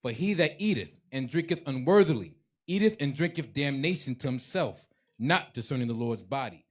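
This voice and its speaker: Man reading scripture in measured tones. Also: medium pitch, lively intonation. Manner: measured, formal reading of old-style scripture. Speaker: scripture reader. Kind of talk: solemn scripture reading and prayer.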